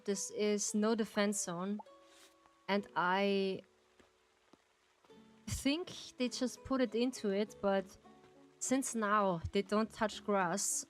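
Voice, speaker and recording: A woman with a medium-pitched voice chats casually while gaming on a live stream, giggling often and gushing as she thanks her viewers in chat. The audio is poor.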